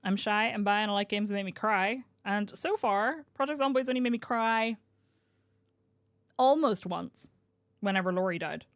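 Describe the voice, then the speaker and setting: Heard in a studio-quality recording with no room sound, a young woman from Northern Ireland talks at a moderate pace and medium pitch. She's a variety streamer giving casual commentary on a survival game, rambling and laughing frequently.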